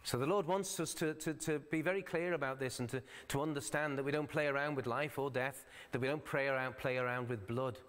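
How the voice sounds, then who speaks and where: A male pastor preaching a sermon in a church sanctuary, explaining his points in a conversational way. His voice sits at an ordinary middle pitch, and the hall adds a long reverb to every word. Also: fairly bright tone. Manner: reads scripture in old-fashioned wording.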